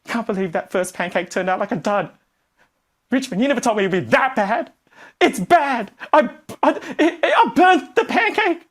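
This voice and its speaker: A man playing a panicky beginner coach who whines and wails in a high voice during a live workshop. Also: animated, normal speed, fairly bright tone, full character voice. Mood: distraught. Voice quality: high, whiny, wailing. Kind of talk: acted example in a live workshop.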